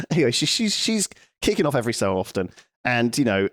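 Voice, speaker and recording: A man's voice: medium pitch, very animated, brisk, a bit bright, dry recording. Rambling man, podcast storyteller, frequent swearing and laughs, dry close mic. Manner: rambling, swears freely, laughs through anecdotes. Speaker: podcast co-host. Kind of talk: casual storytelling chat.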